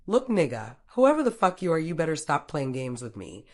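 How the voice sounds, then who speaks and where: A woman's voice: low voice, expressive, moderate pace. A woman voicing a streetwise young woman who curses and talks sternly and defiantly in a story reading. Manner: stern, profane, blustering. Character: tough, streetwise young woman, cursing, scared but defiant.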